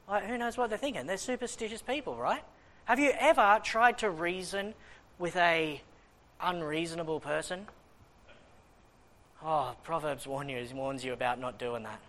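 A man preaching a Bible teaching sermon, reading scripture slowly and acting out the questions of his listeners in lively asides. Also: high-pitched.

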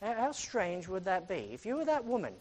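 Preacher at a mid-range pitch, reading scripture and dramatizing the story, rhetorical questions, loud-to-hushed swings. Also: big pitch swings, fairly quick, poor audio. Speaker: preacher teaching a Bible passage. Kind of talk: Bible teaching with scripture readings.

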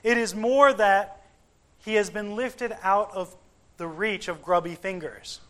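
A man delivers a sermon in a high voice. He speaks slowly, leaning on words with measured emphasis, and lets pauses hang between phrases. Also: fairly bright tone. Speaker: preacher.

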